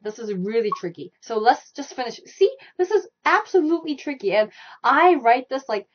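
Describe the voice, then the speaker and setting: A young woman teaching a live online Korean lesson, repeating stroke directions and sounds over and over as she demonstrates. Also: on the high side. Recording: dull lo-fi live stream audio.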